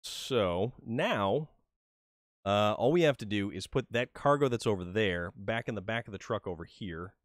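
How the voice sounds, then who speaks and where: On a livestream, a New England gamer comments on his play in a casual, joking way, often repeating words as he starts sentences. His voice sits on the low side, expressive at a moderate pace, in studio-quality audio with no echo.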